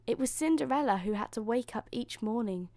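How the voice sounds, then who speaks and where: A woman hosting and reading a bedtime story in a slow, soothing way. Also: fairly high pitch, expressive, mellow, no room sound. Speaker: host and storyteller.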